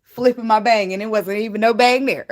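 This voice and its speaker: A woman tarot reader in a casual spiritual vlog, talking bluntly and emphatically, swearing freely and laughing often. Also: on the high side.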